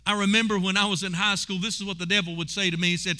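High bright preacher guy, punchy and intense, calls on the church to answer back. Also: level tone, very fast. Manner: preaching with call-and-response, rising to shouts. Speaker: pastor. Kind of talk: sermon.

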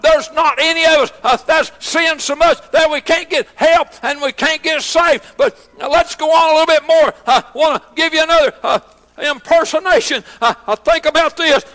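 A man preaching a sermon as pastor, shouting in bursts and halting with frequent "uh"s. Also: extremely high pitch, long reverb tail. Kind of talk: Pentecostal-style shouted sermon.

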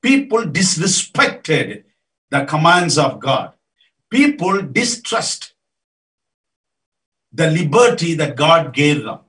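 Man preaching a sermon, slow and emphatic, lively swooping pitch, somewhat high voice, mic far off. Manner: emphatic, repeats key words, rises to near shouts. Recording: voice from a distance off mic.

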